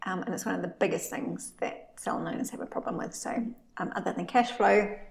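A woman's voice: lowish voice, brisk, vocal fry, poor audio. An Australian woman co-hosting a casual podcast, talking chattily with lots of fillers and restarts as she gives salon business advice.

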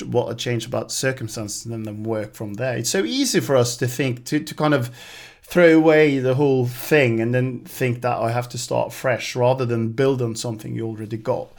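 A man co-hosting a podcast, speaking in a measured way and thinking aloud with restarts. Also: mid-range voice, creaky. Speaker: podcast co-host. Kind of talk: casual chat.

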